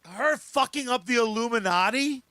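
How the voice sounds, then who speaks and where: Man, podcast host, high voice, bright tone, dry close sound, excitable cursing. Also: moderate pace, no room sound. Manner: profane, excitable riffing. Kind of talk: casual chat.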